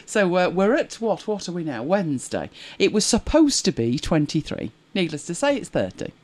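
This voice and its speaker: A woman's voice: fairly low pitch, very animated, moderate pace, a little mellow. Chatty, wry woman hosting a livestream. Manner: chatty, laughing, wry and exasperated. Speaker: livestream host. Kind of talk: casual chat with live viewers.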